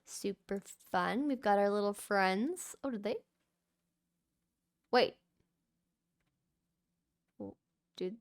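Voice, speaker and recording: A young woman giving relaxed, chatty commentary over her gameplay, easily surprised and cooing at the animals. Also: mid-range voice, very slow, pauses often. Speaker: gaming channel host. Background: soft background music.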